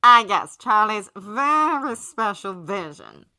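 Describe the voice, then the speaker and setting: A woman voicing a sardonic, theatrical male demon in a fan-made audio story, speaking loudly in a posh, mocking manner. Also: a little high, big pitch swings, normal speed, dry recording, voice pushed up.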